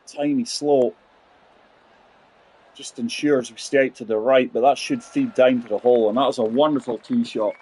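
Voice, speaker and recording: A man's voice: mid-range voice, steady tone, normal speed, darkish tone, husky, dry recording. A man in his forties giving chatty, rambling commentary while playing a golf video game and talking to his viewers. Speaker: gaming channel host. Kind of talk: casual gameplay commentary.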